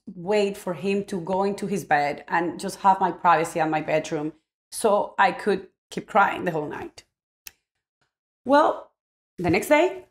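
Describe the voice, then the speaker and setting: A woman tells a personal story about parenting straight to camera. She speaks in a reflective, earnest way at a middle pitch and often restarts her sentences as she searches for words. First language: Spanish. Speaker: parenting vlogger.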